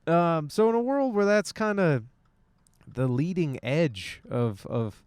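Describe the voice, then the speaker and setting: A man's voice: fairly high pitch, expressive, slow pace, a little mellow, clear, resonant tone, dry recording. A man in his thirties from Michigan, a stand-up comic hosting a rambling solo podcast, over-caffeinated and tired, casual and swearing, tossing in jokey voiced impressions. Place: in a car.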